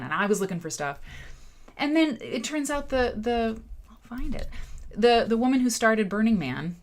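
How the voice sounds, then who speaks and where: Chatty, animated woman hosting a quilting show. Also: medium pitch, normal speed. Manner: chatty and animated, with many restarts and asides to viewers. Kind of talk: casual live-stream chat.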